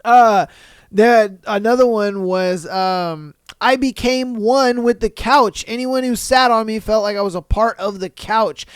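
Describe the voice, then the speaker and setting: Male podcast host, casual, animated, swears freely, smooth clear voice, dry close sound. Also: high voice, unhurried, no room sound. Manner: animated, swearing, acting out reactions. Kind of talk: casual podcast reading of listener posts.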